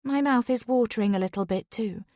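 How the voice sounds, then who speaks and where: A woman reading a first-person thriller audiobook in a steady, even way. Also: fairly high pitch, fairly quick, no echo, studio quality. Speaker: audiobook narrator.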